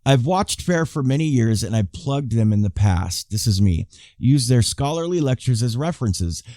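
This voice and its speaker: A man's voice: mid-range voice, expressive, normal speed, mellow, no room sound, clean studio sound. A man in his fifties giving casual YouTube commentary, reading viewer emails aloud and rambling with frequent restarts and asides to his viewers. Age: 50s.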